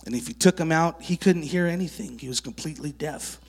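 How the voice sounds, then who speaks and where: Animated male preacher telling stories. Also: on the high side, a little fast, vocal fry, breathy edge. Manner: animated storyteller who works with child volunteers. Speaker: preacher at a kids camp. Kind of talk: sermon with testimony stories. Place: church sanctuary.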